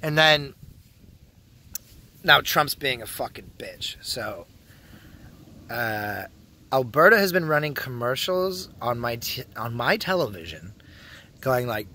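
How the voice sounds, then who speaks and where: Canadian man, young adult, profane casual rant, bright tone, lively swings in pitch, faint background noise. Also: a little slow, long pauses. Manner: swearing, rambling, laughing to himself. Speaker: vlogger. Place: indoors, public place with other people around.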